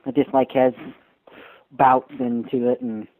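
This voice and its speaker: A man's voice: medium pitch, level tone, measured pace, no room sound, phone-quality sound. A young man co-hosting a casual podcast chat, talking loosely and hesitantly. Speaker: podcast co-host.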